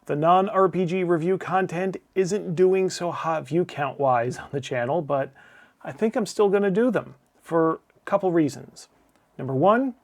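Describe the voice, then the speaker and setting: A middle-aged man, a channel host, reading a scripted film review with blunt, profane opinions and wry asides. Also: on the high side. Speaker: channel host, game publisher.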